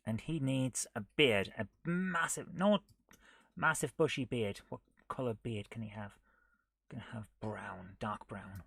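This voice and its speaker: Guy talking slow n dry while he codes on stream, mumbles to himself, grumbles at the software. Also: mid-range voice, gravelly, husky, no echo. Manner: muttering to himself while he works, often dropping to a near whisper; chatty and self-mocking, scolding the software. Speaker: streamer coding a retro game live. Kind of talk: live coding stream commentary.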